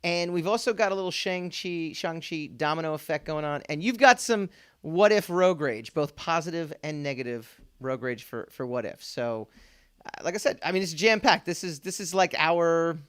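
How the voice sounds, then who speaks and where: Male podcast host, casual chat, slightly higher voice, clean and resonant, rambling delivery. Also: a bit bright, smooth. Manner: rambling, laughs often, many fillers and restarts. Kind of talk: casual pop culture chat.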